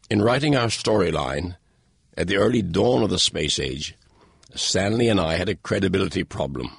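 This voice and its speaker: An older man reading his own foreword to an audiobook in a dry, wry, unhurried manner. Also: lowish voice, creaky, slightly rough, no room sound. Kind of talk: read-aloud personal foreword.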